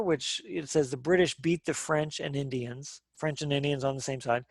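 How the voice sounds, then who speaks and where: A man with a slightly raised pitch and a gravelly edge teaches a social studies class. He talks conversationally, stops to ask the class questions and often restarts his sentences. The sound is dry and close. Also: no echo.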